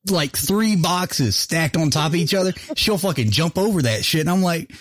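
A man's voice: on the high side, lively intonation, normal speed, no room sound. A man co-hosting a podcast, ranting in a joking, profane way during casual chat. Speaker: podcast co-host.

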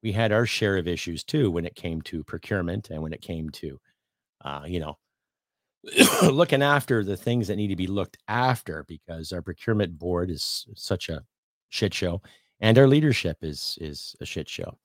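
Middle-aged Canadian man, podcast host, low and dry; blunt profane rant with loud bursts and muttered asides. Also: animated, moderate pace, no room sound. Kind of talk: opinionated rant.

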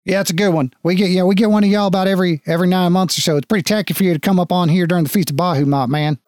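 A man's voice: high voice, steady tone, rapid-fire, a little mellow, dry recording, pitched above the performer's own voice, close to an everyday voice. A laid-back, crude dragonborn house guard, as a man puts him on, drawling every phrase in a raised voice. The sound is dry and close. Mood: easygoing. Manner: drawling, saying y'all a lot.

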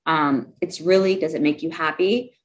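A young adult woman, appearing as an interview guest, shares a personal story candidly and with emotion. She speaks at a normal pace in a low voice, and the recording is rough.

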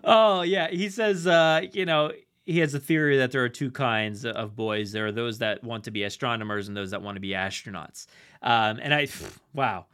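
This medium-pitched man speaks at a normal speed with a clean, slightly bright tone. Hosting a podcast, he keeps things chatty and casual, laughing frequently and often starting sentences over.

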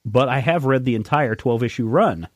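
A man's voice: medium pitch, moderate pace, dry recording, studio quality. A man hosting a podcast, talking enthusiastically about comics in a casual, rambling way. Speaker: podcast host.

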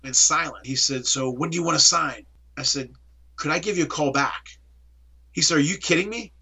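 A slightly high voice with a breathy edge belongs to a middle-aged interview guest from the Pittsburgh area. At a moderate pace, he animatedly tells his story, playing out the dialogue.

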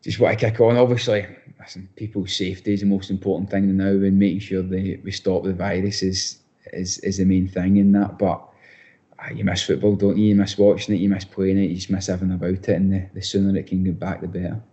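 A man's voice: low voice, flat delivery, fast talker, warm tone, muffled recording. A young Scottish man, a footballer being interviewed, chatting casually with lots of restarts and repeated words. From Scotland. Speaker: footballer guest.

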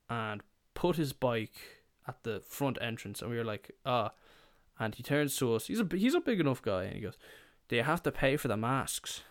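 A young man tells a shop story on his podcast in a loose, rambling way. He swears freely and pokes fun at himself, and his voice sits at a middling pitch. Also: no echo, studio quality. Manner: rambling, profane, self-mocking. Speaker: podcast host. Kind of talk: casual storytelling.

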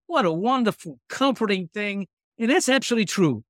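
A man who is a guest author, chatting earnestly on a faith podcast and reading scripture slowly. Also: sits high, lively intonation, fairly bright tone, no room sound, studio quality. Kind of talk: casual faith podcast chat.

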